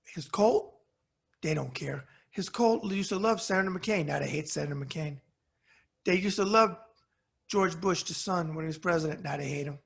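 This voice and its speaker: A man's voice: a little high, moderate pace, creaky, fairly bright tone, breathy edge. A middle-aged man with a New York accent, hosting his own show and delivering an angry, profane rant straight to his viewers. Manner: heated, cursing, blunt. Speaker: commentary show host.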